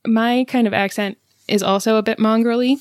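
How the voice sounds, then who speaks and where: Higher-voiced female podcast host, giggly and chatty, dry close sound. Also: fairly even intonation, brisk, a little mellow, dry recording. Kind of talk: casual podcast chat.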